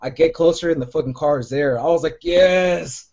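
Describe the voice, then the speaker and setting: Man, podcast co-host, casual storytelling, profane and rambling, slightly high voice, dull lo-fi sound. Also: normal speed, darkish tone. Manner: rambling, profane, lots of "like" and "right?".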